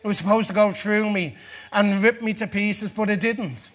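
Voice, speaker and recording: An Irish man giving a personal testimony sermon to a church gathering, earnest, dropping low and slow for the dark parts. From Ireland.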